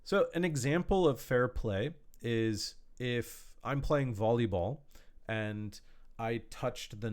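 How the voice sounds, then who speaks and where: Slow, patient male English teacher. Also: medium pitch. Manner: slow, patient explaining with simple examples. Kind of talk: online language lesson. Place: indoor room, warm. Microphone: speaking to a camera.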